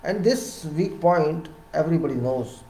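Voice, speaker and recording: A man with an Indian English accent giving a lecture-style talk on civil engineering, emphatic and repeating words, his voice rising loud and dropping soft. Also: a little high, expressive, unhurried, echoey room, a little hiss or hum, poor audio.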